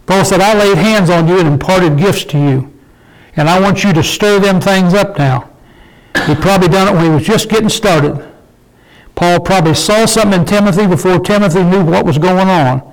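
An older man with a voice a little high for a man leads an informal Bible study in a folksy, homespun way. He often pauses to check in with his small group, asking "okay?" and "did we?". The audio is poor.

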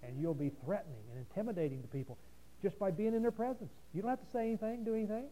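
A man preaching a sermon, folksy and rhetorical, swinging from loud emphasis to quiet asides. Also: high-pitched, very fast, low-quality recording.

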